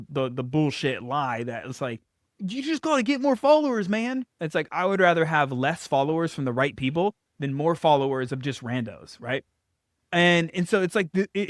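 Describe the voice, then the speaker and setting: A man in his thirties giving casual business coaching advice straight to camera, talking loosely with fillers and quick restarts. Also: mid-range voice, dry recording, clean studio sound. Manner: conversational, frequent fillers and restarts.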